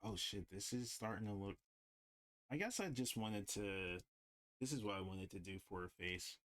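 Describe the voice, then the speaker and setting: A man's voice: lowish voice, animated, moderate pace, fairly bright tone. A man livestreaming while he draws, chatting casually and rambling with lots of "like". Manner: rambling, heavy use of "like". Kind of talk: casual chat while drawing.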